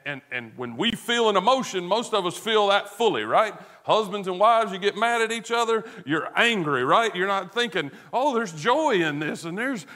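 Speaking in a high voice, a pastor delivers an earnest sermon that alternates between soft, hushed passages and strongly stressed ones. Rhetorical questions punctuate his preaching.

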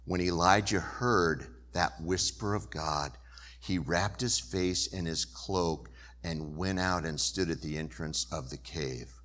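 A man preaches as a pastor and tells his story in an animated way. His voice is bright and forward, and he keeps an unhurried pace. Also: low-pitched. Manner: animated storytelling, shifting from loud to hushed. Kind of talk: sermon.

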